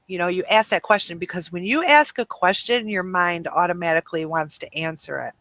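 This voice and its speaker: A woman's voice: on the low side, fairly quick, few pauses, a bit bright, no room sound. A woman hosting a webinar in a casual, rambling way, full of ums and you-knows. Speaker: webinar host.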